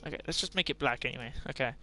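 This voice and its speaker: Bright-voiced young man with an English accent. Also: mid-range voice, rapid-fire. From Ireland. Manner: rambling, self-mocking, chatty. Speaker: gaming streamer. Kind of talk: casual gameplay commentary.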